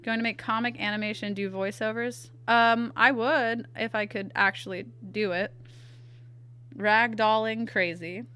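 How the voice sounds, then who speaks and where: A woman's voice: fairly high pitch, steady tone, unhurried, sharp tone, smooth. A woman streaming a drawing session, chatting casually, thinking aloud and answering her chat as she works.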